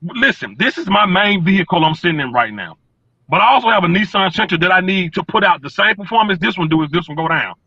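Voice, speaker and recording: A man weighs in on a fan panel from inside his truck, blunt and cursing freely as he stumbles over repeated words. His voice is high, bright and husky. It comes through a dry, dull, lo-fi call line. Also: lively intonation, fast talker, no echo. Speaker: sports podcast panelist. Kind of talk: casual sports talk.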